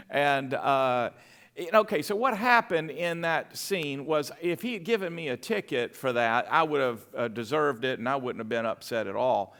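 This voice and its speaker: A man's voice: mid-range voice, animated, moderate pace, fairly bright tone. A middle-aged man, a pastor telling a story in his sermon, full of restarts and fillers.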